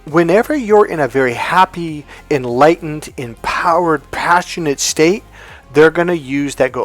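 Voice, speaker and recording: A man's voice: a little high, animated, normal speed, a bit bright, faint music behind. A man who coaches on relationships, giving a blunt, emphatic vlog rant and swearing freely.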